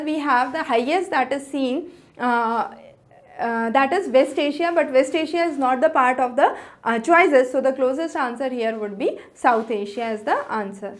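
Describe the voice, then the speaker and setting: A woman tutor explaining exam answers in a methodical way, with an Indian English accent, going through each question step by step. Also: high-pitched.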